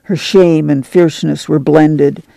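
A man narrating a literary novel as an audiobook, in a steady, unhurried storytelling manner. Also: a little high, gravelly, no echo.

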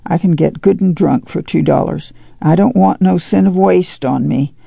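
A guilt-ridden farm uncle speaks haltingly in slow rural dialect, as a man reads him. The voice is rough and gravelly, a little raised from the narration. The recording is dull and dry. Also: high-pitched, warm tone, dry recording, heavily acted. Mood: sorrowful. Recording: dull dry lo-fi studio read.

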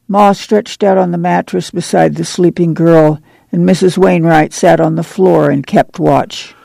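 A man with a high, gravelly voice reads a novel aloud, steady and mellow. Dry, close recording. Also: measured pace, no room sound. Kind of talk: audiobook narration.

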